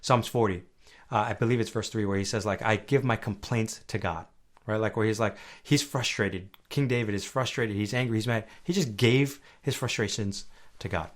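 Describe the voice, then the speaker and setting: A young man hosting a faith podcast, talking earnestly and conversationally, dropping soft and low at times and then rising loud and high when stirred. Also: moderate pace. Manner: earnest, conversational, often asks "right?". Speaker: podcast host. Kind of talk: faith-based personal podcast talk.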